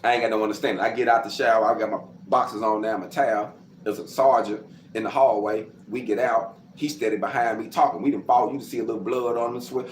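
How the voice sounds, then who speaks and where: A man from Arkansas, casually telling his life story to camera, acting out quotes and sound effects and getting loud as he goes. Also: lowish voice, fairly even intonation, fast. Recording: roomy with faint background noise.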